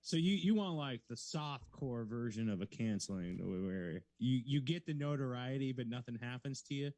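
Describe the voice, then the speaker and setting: A man's voice: mid-range voice, animated, normal speed, a little mellow, no echo. A man co-hosting a comedy podcast, talking in casual chat, rambling and laid-back with many fillers. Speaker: podcast co-host.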